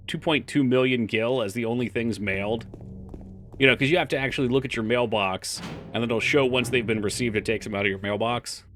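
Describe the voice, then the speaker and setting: A man's voice: mid-range voice, slight background noise. A man streaming a game live, chatting casually with his chat, swearing freely and now and then reading game text aloud. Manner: reads game files aloud in a flat voice.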